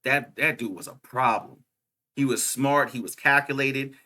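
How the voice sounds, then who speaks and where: A young man co-hosting a casual podcast chat, excitable and slangy, laughing often and saying "bruh" a lot. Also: medium pitch, measured pace. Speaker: podcast co-host.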